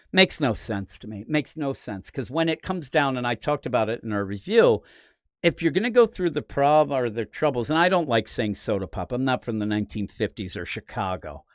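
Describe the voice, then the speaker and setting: A man's voice: mid-range voice, no echo, studio quality. Rambling, opinionated man from Philadelphia. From Philadelphia area, USA. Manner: rambling, opinionated, animated asides. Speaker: comics podcast host. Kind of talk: casual comic book preview commentary.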